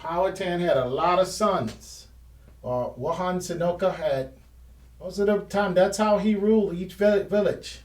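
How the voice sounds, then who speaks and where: A man's voice: high-pitched, a little slow, far from the mic. A man hosting a painting history show from his art studio, talking casually and rambling with restarts and trailing phrases. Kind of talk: casual explanatory talk while painting. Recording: roomy sound from off-mic.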